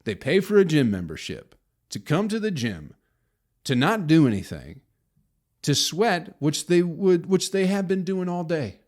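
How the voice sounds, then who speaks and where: A man's voice: fairly high pitch, very animated, unhurried, a little mellow. Profane ranting male podcast host. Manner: profane, ranting, mocking impressions. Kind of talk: solo rambling podcast monologue.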